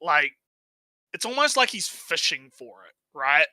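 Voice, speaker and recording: Man, casual stream talk, very bright voice, dry close sound, keeps asking "right?". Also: a little high, sing-song, unhurried, no room sound, low-quality recording. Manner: rambling, tags lines with "right?"; repeats words when starting phrases. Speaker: stream co-host. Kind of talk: casual chat.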